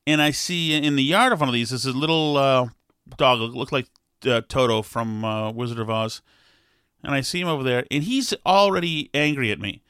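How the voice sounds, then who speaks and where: A man's voice: medium pitch, moderate pace, fairly bright tone, clean tone, no room sound, clean studio sound. A middle-aged man telling a rambling, wry story in a casual monologue, exasperated and digressive.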